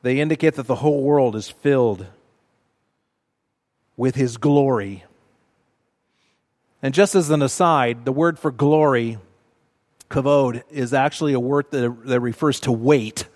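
A man preaching a sermon in a church, measured and emphatic, repeating words for stress. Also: medium pitch, a little mellow. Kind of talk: sermon teaching. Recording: long reverb of a large hall.

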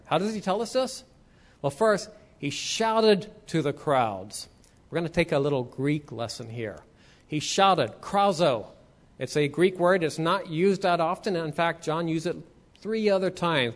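Guy preaching a sermon, kinda high voice, casual teaching tone, reads bible verses. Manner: conversational teaching with scripture readings. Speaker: pastor.

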